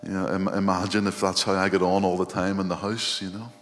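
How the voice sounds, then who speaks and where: A man's voice: low-pitched, flat delivery, fast talker, fairly bright tone. A male pastor giving an earnest, reflective sermon and often quoting scripture. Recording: long hall reverb, faint hum.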